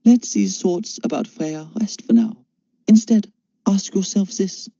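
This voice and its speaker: A man voicing a strangely detached male mentor with a German accent, who asks measured, probing questions, in a dull, dry lo-fi audiobook recording. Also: high-pitched, very animated, gravelly, mellow, slightly rough, no room sound, voice pushed up, full character voice. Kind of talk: audiobook character voice.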